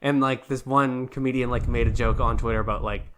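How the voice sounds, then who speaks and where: A man's voice: medium pitch, steady tone, fairly quick, noisy background. A man co-hosting a casual movie chat podcast, rambling through stories with lots of fillers and laughter. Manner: rambling, laughs often, trails off. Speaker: podcast co-host.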